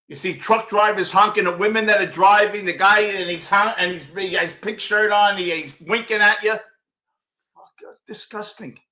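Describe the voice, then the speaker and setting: A sixty-something man with a New York accent rants through a postgame show, blunt and profane, breaking into shouts. His voice sits high for a man and has a bright, sharp edge. He answers viewers by name between complaints. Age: 60s. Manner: blunt, loud and swearing, often shouting. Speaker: host of a fan postgame show.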